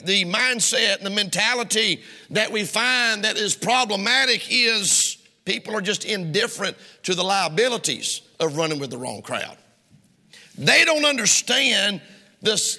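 A man with a Southern US accent preaching a sermon in a church, emphatic and pressing his points, sometimes rising to a shout. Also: high voice, animated, a little slow. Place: church sanctuary. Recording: long hall reverb.

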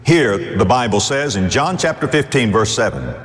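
A man preaching a sermon with emphatic rhetorical questions and sweeping pitch swings. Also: animated, normal speed, in a large hall.

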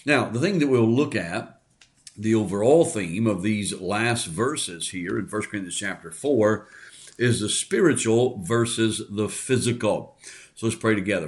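A man preaching a sermon, reading Scripture and explaining it in a measured, earnest way with frequent fillers. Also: fairly low pitch.

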